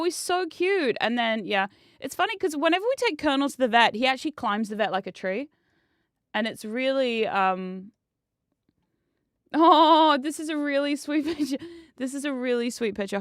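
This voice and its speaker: A woman's voice: on the high side, no echo, studio quality. A woman streamer chatting casually while gaming, swearing freely and laughing often at a desk microphone.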